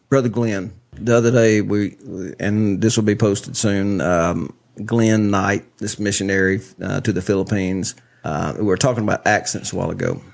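Gravelly man chatting. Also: fairly low pitch, a little mellow, a little hiss or hum. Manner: rambling, laughs often. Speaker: podcast host. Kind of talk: casual chat.

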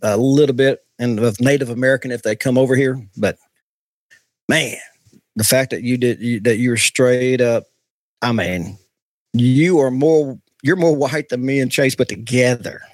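A man's voice: mid-range voice, moderate pace, dry recording. A man co-hosting a podcast in casual chat, rambling with many fillers. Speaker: podcast co-host.

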